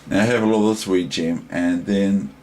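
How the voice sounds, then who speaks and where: A man's voice: sits low, fairly even intonation, moderate pace, a little mellow, a little hiss or hum. A man from New Zealand with a New Zealand accent, giving a casual chess lesson in a rambling, digressive way, thinking aloud. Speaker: chess teacher.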